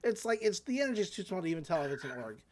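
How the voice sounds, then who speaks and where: A woman co-hosting a casual recap chat, swearing freely and acting out characters in quick voices. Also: on the low side, sing-song, a little mellow. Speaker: podcast co-host.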